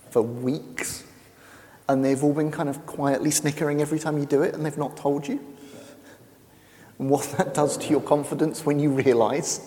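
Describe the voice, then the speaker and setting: A man's voice: on the high side, mellow, long reverb tail. An English man giving a chatty, self-deprecating talk to an audience, often restarting his sentences. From England. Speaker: speaker. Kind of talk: casual presentation to an audience.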